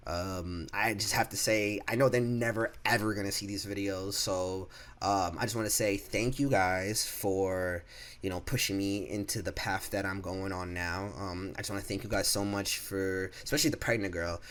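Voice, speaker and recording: A man's voice: low voice, steady tone, normal speed, fairly bright tone. A young man in his twenties casually telling a storytime vlog from home, profane and stumbling over repeated words. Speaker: vlogger. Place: home room.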